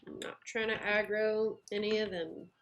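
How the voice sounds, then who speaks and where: A woman's voice: mid-range voice, steady tone, normal speed, fairly bright tone, slight background noise. A woman chatting casually on a game livestream, talking with lots of fillers and little laughs while she eats and plays. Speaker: game streamer.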